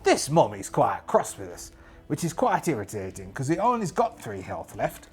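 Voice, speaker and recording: A man's voice: medium pitch, wildly swooping pitch, moderate pace. A man narrating a solo tabletop game in character, chatty and jokey, talking to himself as he rolls dice. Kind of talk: in-character actual-play narration.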